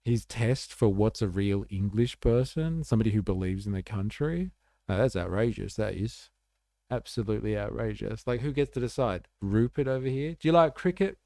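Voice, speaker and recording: A man's voice: on the low side, moderate pace, vocal fry, warm tone, dry recording, clean studio sound. A man hosting a livestream, reacting to chat in a laid-back, rambling way with swearing and fillers. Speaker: livestream host.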